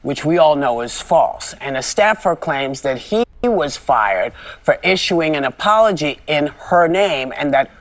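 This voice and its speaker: A talk show host reading a news item in a measured, scripted way. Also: medium pitch, lively intonation.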